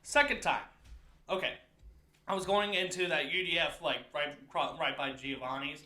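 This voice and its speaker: A young Midwestern man co-hosts a crude comedy podcast in a high, very bright, sharp voice at a moderate pace. He tells rambling, profane stories casually for laughs, acting out the characters, and the sound is reverberant.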